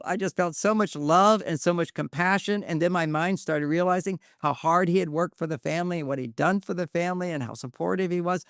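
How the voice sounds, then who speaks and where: An older man speaks as an interview guest, his voice sitting a little on the high side as he shares personal stories. His delivery is earnest and confiding, and he often circles back and restarts a thought. The sound is dry and close, with no room echo. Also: fast. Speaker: guest relationship expert. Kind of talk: reflective personal storytelling.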